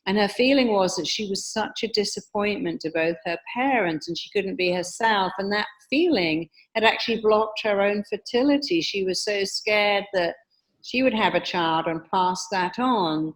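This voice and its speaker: A woman talks as an interview guest. She explains her ideas in a calm, emphatic, teacherly way. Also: mid-range voice, moderate pace. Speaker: hypnotherapist and guest speaker.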